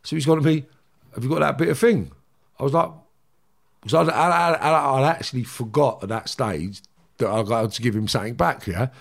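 Gravelly man telling prison stories. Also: mid-range voice, brisk. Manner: animated, swearing, acts out quoted voices. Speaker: interview guest. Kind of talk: casual storytelling interview.

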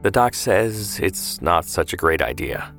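A man's voice: deep voice, very animated, measured pace, faint music behind, exaggerated voice. Man reading as a feisty teasing grandpa. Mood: tender. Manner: sharp-tongued, affectionate banter. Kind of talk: storybook reading.

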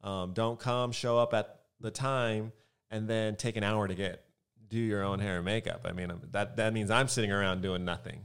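Chatty lowish-voiced man from Southern California. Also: normal speed, clear, resonant tone. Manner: animated storyteller, many fillers. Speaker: guest photographer. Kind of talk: casual podcast chat. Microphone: studio mic.

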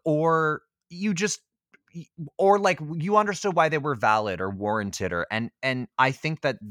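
A man co-hosting a podcast, rambling through his film opinions in a relaxed, chatty way with many restarts. His voice is fairly low and smooth. The recording is close and dry. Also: no echo. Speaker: podcast co-host. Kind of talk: casual film discussion.

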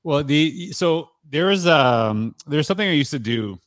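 A man's voice: a little high, lively intonation, a little slow, dry recording, clean studio sound. A man hosting a podcast interview, talking in long, rambling sentences full of hedges and restarts. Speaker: podcast host. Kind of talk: conversational interview.

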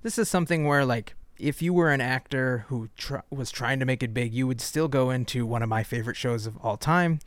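A man co-hosting a casual comedy podcast, chatty and quick to laugh, reading out news items between jokes. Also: mid-range voice, no echo. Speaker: podcast co-host.

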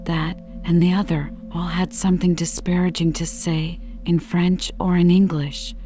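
A woman narrating an audiobook in a measured storytelling manner. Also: lowish voice, flat delivery, warm tone. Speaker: audiobook reader. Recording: dull lo-fi recording with faint music.

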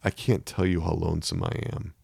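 A man voicing a lonely, grieving man who speaks in halting, quiet, sorrowful lines in a storybook reading. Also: low voice, flat delivery, creaky, husky, no room sound, studio quality, exaggerated voice.

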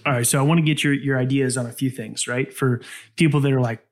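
Brief: male host, mid-pitched, easygoing interviewer voice. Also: steady tone, quick pace. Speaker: podcast host.

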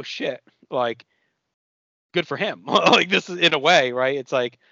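Bright-voiced enthusiastic podcast co-host man. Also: medium pitch, no room sound, dull audio. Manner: enthusiastic, rambling with restarts. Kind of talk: casual wrestling chat.

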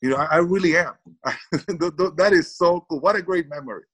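A man's voice: fairly high pitch, fairly quick, fairly bright tone, low-quality recording. A man, a former baseball player, telling a story in an interview with lots of repeated words, acted-out quotes and laughter.

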